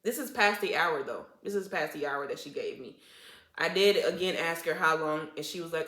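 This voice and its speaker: A woman telling a storytime vlog in a casual, animated and indignant way, full of restarts and "like". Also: deep voice, moderate pace. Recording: echoey room.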